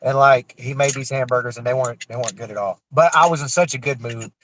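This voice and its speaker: A man, telling a raw, emotional personal story with cursing and halting restarts. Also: mid-range voice, a bit bright, a little hiss or hum, rough recording. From Florida Panhandle.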